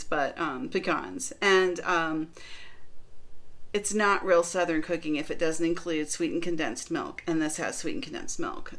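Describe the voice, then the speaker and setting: This baking vlogger, a middle-aged woman from the northern U.S., has a lowish voice with a fairly bright tone. Her talk is casual and meandering, full of filler words as she demonstrates baking and reviews a product.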